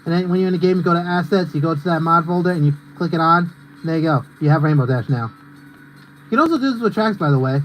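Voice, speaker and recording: A man's voice: a little high, expressive, quick pace, slight background noise, low-quality recording. A young man streaming a racing game, rambling and ranting in casual commentary with lots of fillers. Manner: rambling and ranty, heavy on fillers.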